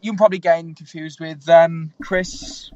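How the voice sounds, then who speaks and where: A man's voice: a little high, fairly even intonation, moderate pace, darkish tone, dull audio. A young man in his twenties, a fighter, rambling through stories with lots of fillers and restarts. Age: 20s. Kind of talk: casual interview storytelling.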